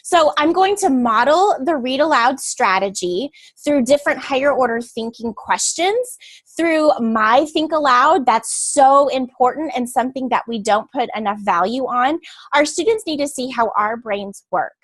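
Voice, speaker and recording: Earnest high-voiced woman teacher. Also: lively intonation, moderate pace, no room sound. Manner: explanatory, earnest, instructive. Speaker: teacher educator. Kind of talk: recorded lecture and modeled read-aloud.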